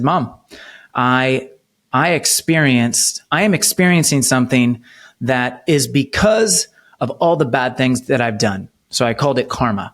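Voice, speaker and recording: A man in his thirties, a podcast guest, earnestly telling a personal story of faith, slowing down to stress key moments. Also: mid-range voice, fairly bright tone. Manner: earnest storytelling, slows for emphasis. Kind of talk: personal testimony in an interview.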